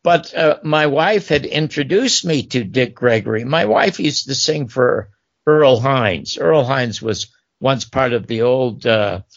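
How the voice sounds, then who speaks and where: Gravelly older man telling lively stories. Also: mid-range voice, a little slow, no room sound, dull audio. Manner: animated anecdotes, quotes voices of others. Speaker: talk show host recounting career. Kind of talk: storytelling interview.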